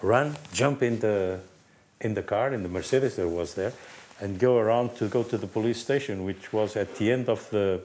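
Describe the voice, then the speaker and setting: A man's voice: lowish voice, moderate pace, a little mellow. A middle-aged man, a team manager, telling stories in a casual panel chat, acting out the people he quotes and laughing often.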